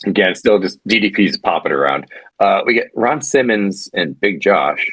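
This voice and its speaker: A man with a husky, lower voice chatting on a podcast, his pitch swinging widely as he rambles, restarts and curses. The sound is dry and close to the mic. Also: normal speed, no room sound. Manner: rambling, animated, frequent restarts and profanity. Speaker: podcast co-host. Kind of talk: casual podcast chat.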